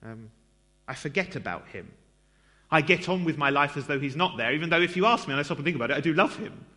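A man's voice: fairly high pitch, expressive, quick pace, sharp tone. A man giving a conversational sermon in a church, self-deprecating and chatty, with lots of fillers and asides to the congregation. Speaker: preacher.

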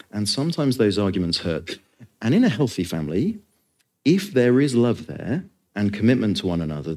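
Preacher, man, very low voice, earnest emphatic sermon delivery with casual asides.

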